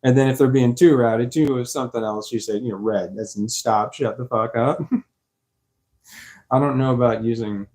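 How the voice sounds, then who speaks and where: Rambling, cursing man talking to camera. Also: medium pitch. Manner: rambling, profane, laughs often. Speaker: vlogger. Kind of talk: casual monologue to camera.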